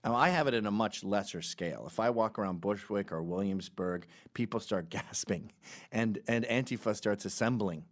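A middle-aged man hosting a podcast, telling stories in an animated, sarcastic, casual way. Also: fairly low pitch, normal speed. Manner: animated storytelling with sarcastic asides. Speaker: podcast host.

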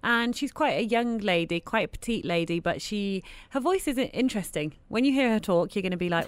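A woman hosting a daytime radio show, chatting in an animated way. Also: mid-range voice, brisk, few pauses, clean tone, dry recording. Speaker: radio host. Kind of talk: casual radio chat.

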